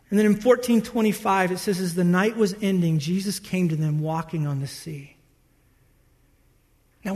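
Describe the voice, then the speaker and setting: A pastor with a notably high voice preaches in a large hall whose long reverb trails after each phrase. He tells the story with lively, playful energy. He slips into the voices of the people in it. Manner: animated storytelling, acts out disciples' voices. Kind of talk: sermon.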